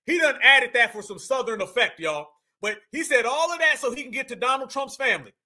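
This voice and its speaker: Reaction host, male, high and piercingly bright, slangy and loud asides. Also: lively intonation, a little fast. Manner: slangy, exclaiming, laughing asides. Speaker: commentary host. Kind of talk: reaction commentary.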